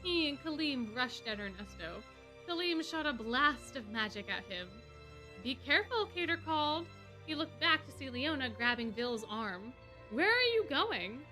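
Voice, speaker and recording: A woman streamer reading fan fiction aloud in an expressive way. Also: high voice, normal speed, soft background music. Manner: expressive, laughing asides.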